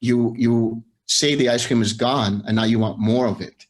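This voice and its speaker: A man teaching meditation, explaining practice patiently and in measured steps over a video call. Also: medium pitch, fairly even intonation. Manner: patient, measured, builds on examples step by step.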